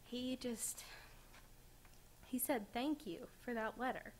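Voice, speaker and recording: A teenage girl addresses a school board in an emotional speech, holding back tears as she talks. Her voice sits a bit high. Faint ambient noise fills the meeting room behind her. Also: slow pace. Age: teens. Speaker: student speaker.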